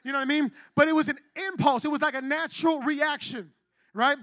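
A man preaching an energetic youth sermon in a slangy, animated way, acting out people's reactions as he goes. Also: extremely high pitch, fairly quick, dry recording.

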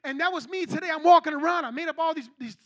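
A man preaching a sermon in a lively, conversational way, telling a personal story and often saying he is not kidding. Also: very high voice, quick pace, dry recording. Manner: animated, conversational, repeats "I kid you not".

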